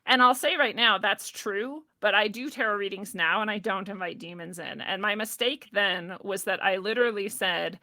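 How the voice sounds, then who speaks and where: A woman guest telling a personal story in casual talk, animated, laughing often and acting out what others said. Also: mid-range voice, moderate pace, few pauses, dry recording. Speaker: podcast guest.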